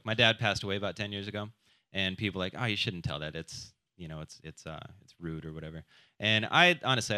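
A man's voice: fairly low pitch, bright, forceful tone, no echo. A man doing a stand-up comedy set, crude and self-deprecating, who keeps jumping into quoted voices. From South Dakota.

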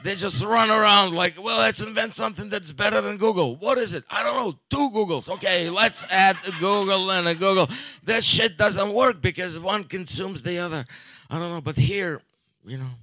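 A man in his forties doing a stand-up comedy set, rambling and deadpan, with halting restarts and profanity. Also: high voice. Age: 40s.

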